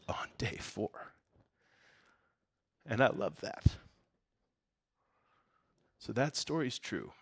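Joking, conversational man preaching, low-voiced. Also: slightly rough. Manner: conversational and joking, breaks into laughter; swings from soft, low passages to loud emphasis. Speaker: pastor. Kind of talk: casual sermon with Bible reading.

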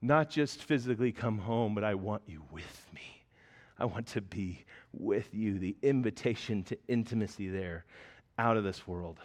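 A young adult man, a pastor, preaching a sermon in an earnest way, swelling to loud emphatic peaks and then dropping back soft. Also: fairly low pitch, normal speed.

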